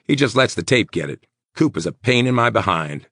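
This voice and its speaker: A man voicing a nervous, sweating male mayor, talking in tense, insistent rapid bursts. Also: on the low side, big pitch swings, fairly bright tone, no echo, clean studio sound, voice pushed up, full character voice. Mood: worried.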